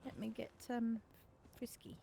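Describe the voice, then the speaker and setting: A woman's voice: fairly high pitch, little pitch movement, unhurried, creaky, warm tone, soft background music. A woman in in-character role-play chat, with a dry, sardonic way of talking.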